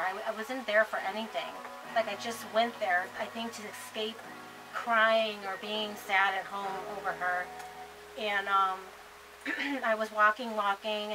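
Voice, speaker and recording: A woman's voice: mid-range voice, low-quality recording. A woman co-hosting a casual chat, telling a story with lots of stammering restarts and laughter. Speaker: co-host of a spiritual shop channel.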